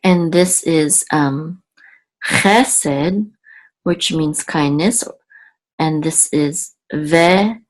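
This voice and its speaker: A woman's voice: low-pitched, extremely slow, pauses often. A woman teaching Biblical Hebrew word by word, patient, repeating each word and checking in with "okay?". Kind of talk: word-by-word Hebrew reading lesson.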